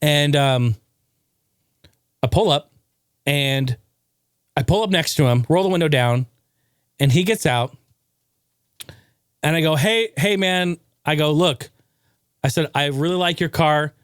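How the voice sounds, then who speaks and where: A man in his thirties hosting his own podcast, telling a rambling, energetic story and swearing casually along the way. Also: a little high, measured pace, pauses often, clean tone, no room sound, studio quality. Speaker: podcast host.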